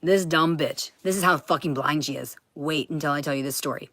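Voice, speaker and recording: A woman talking to camera in a heated, profane monologue that keeps bursting into shouting. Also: deep voice, fast talker, dry recording, clean studio sound.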